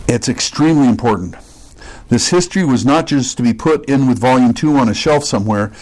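A man's voice: mid-range voice, a little mellow, low-quality recording. A man preaching an expository sermon, stressing key words and putting questions to his listeners.

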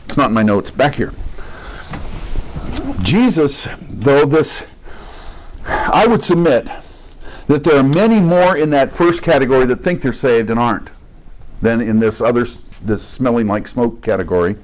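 A man's voice: medium pitch, animated, a little slow, long pauses, low-quality recording. A man preaching a sermon, talking casually and acting out the voices of people in the scripture he reads. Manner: conversational preaching, acts out quoted voices. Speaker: pastor.

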